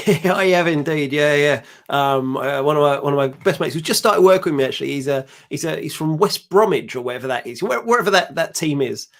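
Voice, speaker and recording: A man's voice: a little high, fairly quick, hardly any pauses. A man from the UK in his thirties, co-hosting a casual podcast with dry, joking banter. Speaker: podcast co-host. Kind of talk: casual chat.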